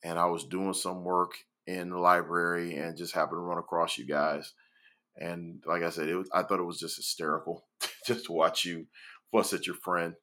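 A man's voice: sits low, flat delivery, normal speed, pushed and bright. A man in his forties, a guest on a podcast, talking casually and hesitantly with many fillers. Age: 40s. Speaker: podcast guest, school educator.

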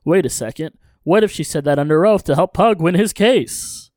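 A man's voice: fairly high pitch, moderate pace, no echo. Dry-sounding man recapping an episode. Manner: lively recap narration with joking asides. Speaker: podcast co-host. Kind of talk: casual episode recap chat.

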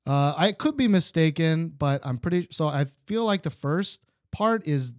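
A man's voice: a little high, lively intonation, normal speed, dry recording, studio quality. A man co-hosting a casual music review chat, opinionated and rambling, with lots of fillers. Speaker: podcast co-host.

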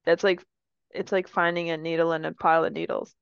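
Woman, gravelly voice, playful banter, dry close sound. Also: lowish voice, level tone, brisk, no room sound, highs cut off. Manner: playful, jokey, repeats words for fun. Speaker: podcast co-host. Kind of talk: casual chat.

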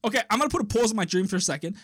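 A man's voice: high voice, very fast, breathy edge, no room sound, studio quality. A man co-hosting a casual podcast, joking and slipping into put-on voices. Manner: animated, jokey, slips into put-on voices. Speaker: podcast co-host. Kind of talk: casual chat, retelling a dream.

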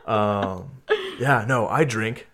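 A young man chatting casually as a guest, rambling in a relaxed way and often tagging his sentences with "right?". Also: fairly low pitch, drawn-out words. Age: young adult. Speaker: interviewee. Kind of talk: casual chat.

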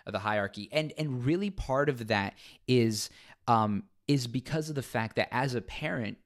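A man in a casual chat about parenting, explaining in a measured way with fillers and restarts. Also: mid-range voice.

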